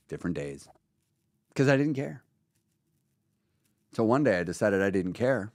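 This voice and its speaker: A man's voice: on the low side, measured pace, long pauses, no room sound, studio quality. A man hosting a live stream, talking casually and bluntly with lots of swearing. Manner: blunt, profane, animated. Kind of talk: casual motivational talk.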